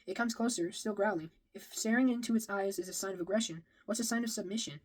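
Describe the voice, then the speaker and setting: A woman's voice: mid-range voice, quick pace, poor audio. Woman, novel reading, first-person narration, occasional stumbles and rereads. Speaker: reader.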